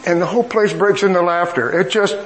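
A man's voice: high-pitched, fairly quick, low-quality recording. A middle-aged man preaching a storytelling sermon, with folksy, self-mocking humor.

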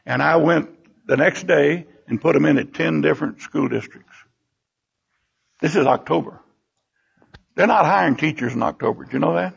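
An older preacher tells stories from the pulpit in a high, heavily gravelly voice. His tone is husky, and he breaks into lively exclamations. The recording sounds dull and lo-fi. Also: moderate pace, pauses often. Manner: storytelling, animated exclamations. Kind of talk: sermon.

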